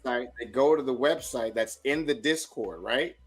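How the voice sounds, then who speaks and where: A man's voice: medium pitch, normal speed. A man hosting a podcast in casual chat, checking the details aloud and asking for confirmation. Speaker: podcast host.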